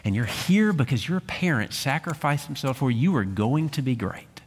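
A preacher retelling a story as a gentle, earnest half-giant man who speaks with emphasis, a little lower and softer than ordinary talk. His voice carries the long reverb of a church hall. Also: sing-song, moderate pace, husky.

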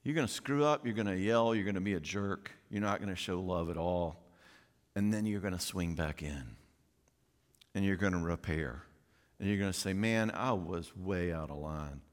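A middle-aged man giving a folksy, animated conference talk, often acting out quoted voices. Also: deep voice, normal speed. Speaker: conference speaker. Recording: long reverb of a large hall.

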